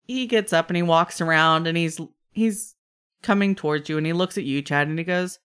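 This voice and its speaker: Woman game master, smooth voice, brisk narration. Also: deep voice, a bit bright.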